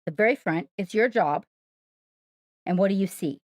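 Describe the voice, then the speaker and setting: A woman's voice: mid-range voice, lively intonation, normal speed, dry recording. A woman hosting a live stream, coaxing and praising her pet in playful sing-song talk. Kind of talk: live-streamed casual chat.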